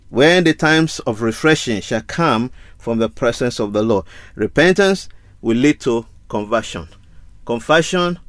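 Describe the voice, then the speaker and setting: A man delivering a sermon in a fairly high voice, building his points through repetition and rhetorical questions. The sound is dry and close, with no room echo. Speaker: preacher.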